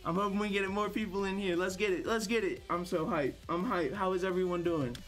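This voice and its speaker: Hyped young streamer with a high voice. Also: male voice, fairly quick, fairly bright tone. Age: young adult. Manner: upbeat and hyped, greets chat by name, repeats phrases, apologetic. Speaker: livestreamer hosting viewer tournaments. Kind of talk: casual live-stream chat while gaming.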